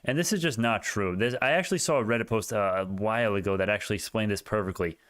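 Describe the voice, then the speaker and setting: A young man hosting a casual stock market livestream, talking in an excitable, rambling way with many restarts. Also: on the low side, fast talker.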